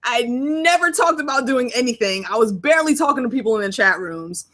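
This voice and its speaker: A woman's voice: a little high, lively intonation, brisk, a bit bright. A woman YouTuber chatting casually on a livestream and swearing now and then. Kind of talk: casual chat.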